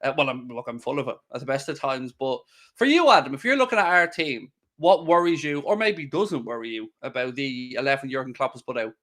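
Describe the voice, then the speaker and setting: A young Englishman hosts a laid-back football watchalong, chatting, teasing and reading viewers' super chats aloud. His mid-range voice is animated, slightly quick and fairly bright.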